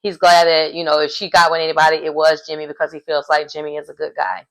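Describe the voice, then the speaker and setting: A young adult woman giving a casual, animated recap of a reality show. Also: low voice, quick pace, rough recording. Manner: chatty and animated, acting out quoted lines.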